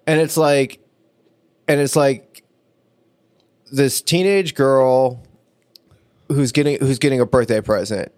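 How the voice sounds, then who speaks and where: A man's voice: mid-range voice, darkish tone. A man co-hosting a podcast, chatting casually and crudely, telling an anecdote full of swearing and laughter. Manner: profane, storytelling, quick to laugh. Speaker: podcast co-host.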